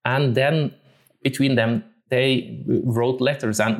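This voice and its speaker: A man's voice: medium pitch, fairly even intonation, slow, gravelly. Thoughtful music teacher, man. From Norway. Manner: thoughtful, searching for words. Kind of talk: reflective talk on musical interpretation.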